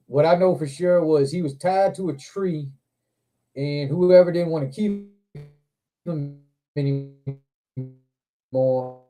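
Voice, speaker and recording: A man with a somewhat high but mellow, dark-toned voice, hosting a casual livestream. He tells long, rambling stories full of swearing, jumping between thoughts and getting animated as he goes. It sounds like relaxed, unscripted chat. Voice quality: profane, rambling, animated anecdotes. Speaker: livestream host.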